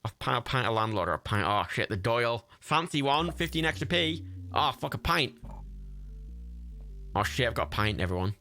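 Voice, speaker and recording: A man giving sweary, excitable running commentary while livestreaming a game. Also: medium pitch, moderate pace, faint music behind. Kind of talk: gameplay commentary.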